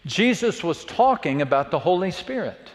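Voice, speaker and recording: A man preaching a sermon to a church, dramatic, swinging from hushed words to loud calls. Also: sits high, very animated, normal speed. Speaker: pastor. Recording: long reverb of a church hall.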